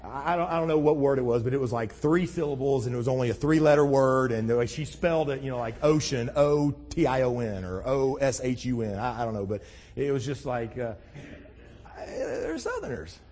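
A man's voice: mid-range voice, brisk, darkish tone. A middle-aged man preaching a sermon as a pastor, in a conversational storytelling manner that rises to emphatic passages. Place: church sanctuary. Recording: long hall reverb.

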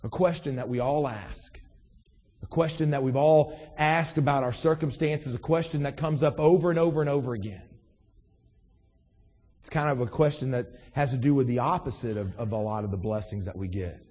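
A man's voice: medium pitch, moderate pace, darkish tone, slightly rough, long reverb tail. A man preaching a sermon with emphatic repetition and rhetorical questions. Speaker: pastor.

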